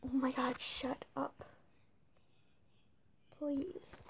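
A woman playing a video game, reading its text aloud haltingly and muttering whispered asides between stumbles. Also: high-pitched, steady tone, vocal fry, warm tone. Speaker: let's-play gamer.

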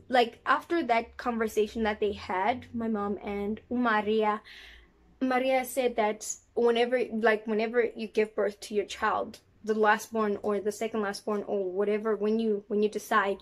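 A woman's voice: mid-range voice, flat delivery, normal speed, fairly bright tone. A young woman from South Africa with an American accent, telling a story to her viewers in a chatty way, full of "like" fillers. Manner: chatty, lots of 'like' fillers, addresses viewers as guys. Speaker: vlogger. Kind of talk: casual storytelling to camera.

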